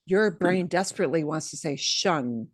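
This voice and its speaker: A woman teaching a beginner Spanish class online. She models words slowly and adds playful asides. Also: mid-range voice, animated, dry recording, clean studio sound.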